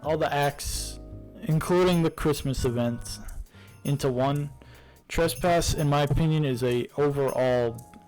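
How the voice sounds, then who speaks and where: A man's voice: a little high, measured pace, darkish tone, soft background music, rough recording. A young man casually reviewing a game series, rambling with many fillers and restarts. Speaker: YouTuber reviewing games.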